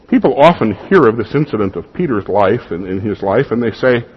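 A man preaching a sermon in a husky voice, in a conversational style with rhetorical questions to the congregation, in what sounds like a church. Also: medium pitch, animated, moderate pace, few pauses. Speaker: pastor. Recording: dull lo-fi recording.

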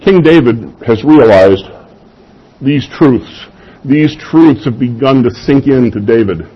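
A man preaching a sermon and teaching from scripture, emphatic and given to rhetorical questions and soft chuckles. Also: mid-range voice, lively intonation, slow pace, breathy edge, dull audio. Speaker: pastor.

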